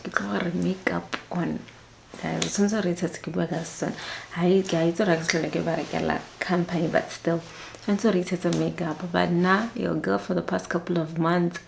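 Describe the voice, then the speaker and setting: Chatty young woman with a gravelly low voice. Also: a little hiss or hum, low-quality recording. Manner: chatty, excitable, acts out quotes. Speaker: flight attendant vlogger. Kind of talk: casual vlog chat.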